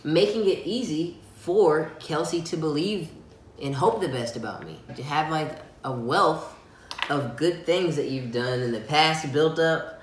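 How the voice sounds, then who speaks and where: A man co-hosting a faith-based couple's vlog, easygoing and quick to laugh as he walks through his points. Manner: easygoing, laughs often, lively pitch. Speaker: co-host of a couple's channel. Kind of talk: casual faith-based advice chat. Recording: roomy echo, faint background noise.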